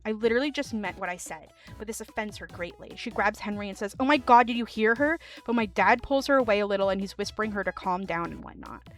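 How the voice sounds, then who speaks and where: A woman streamer reading online stories aloud, with animated commentary and laughing asides. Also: mid-range voice.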